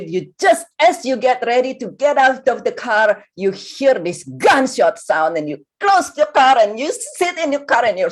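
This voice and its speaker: Woman, guided visualization, second-person storytelling, unhurried delivery, pitch that rises and falls a lot. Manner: storytelling, second-person, slowing to a hushed soothing tone. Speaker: speaker leading a guided visualization.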